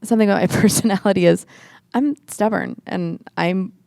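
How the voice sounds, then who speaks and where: A woman with a mid-range, gravelly, slightly mellow voice speaks fairly quickly in clean studio audio with no room sound. As a guest on a church podcast, she gives an earnest, emotional personal testimony in casual chat, acting out quoted voices and coming near tears at times.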